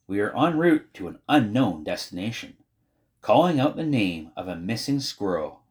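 A man's voice: on the low side, sing-song, moderate pace, a little mellow. A man voicing a pedantic know-it-all boy in a storybook, wordy, precise and sardonic.

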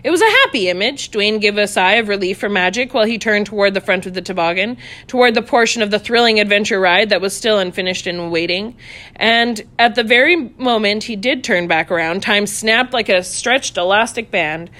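A woman reading a children's story aloud, playful and animated, voicing sound effects as she goes. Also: medium pitch, fairly quick.

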